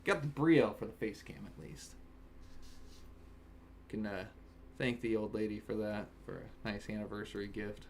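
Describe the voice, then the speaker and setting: A man casually chatting on a home stream while opening card packs, breaking into excited shouts over good pulls. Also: on the low side, moderate pace, pauses often, a little hiss or hum. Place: home, in Alaska. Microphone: webcam setup.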